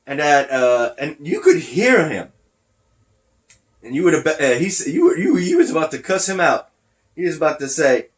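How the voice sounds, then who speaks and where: A man's voice: a little high, wildly swooping pitch, brisk. A man hosting a casual wrestling podcast, rambling and losing his train of thought, a little short of breath while talking through a face mask. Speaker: podcast host. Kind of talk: casual wrestling recap chat. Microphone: wearing a face mask.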